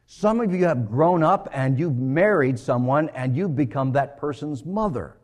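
A male preacher delivering a sermon, telling a story with big swings between loud and hushed. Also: medium pitch, sing-song, moderate pace, few pauses.

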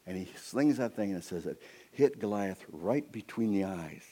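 A man preaching a sermon, retelling a story in an animated way and acting out its scenes. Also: on the low side, normal speed.

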